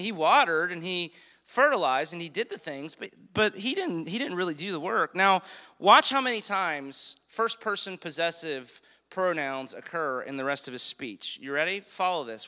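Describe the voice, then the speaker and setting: A man preaching a sermon as pastor, emphatic, slowing down on key phrases and asking the congregation questions. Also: a little high, expressive, pushed and bright, clean tone, long reverb tail.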